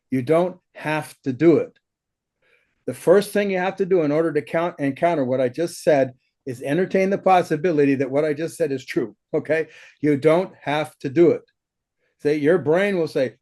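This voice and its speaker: A man talks through an idea with blunt, animated energy. His voice sits a little high, and it leaps up even higher when he mimics someone. He laughs often and curses casually. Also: moderate pace. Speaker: spiritual teacher. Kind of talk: conversational teaching in an interview.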